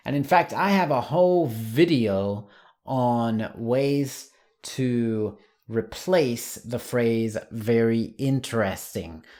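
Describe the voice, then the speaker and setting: A man teaching an English lesson online, saying example words slowly and clearly. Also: mid-range voice, a little mellow.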